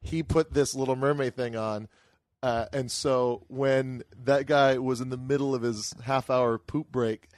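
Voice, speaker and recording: A man's voice: mid-range voice, steady tone, a little slow, a little mellow, dry recording. A man hosting a podcast, telling a rambling story in casual banter, loose and profane, often laughing. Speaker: podcast host.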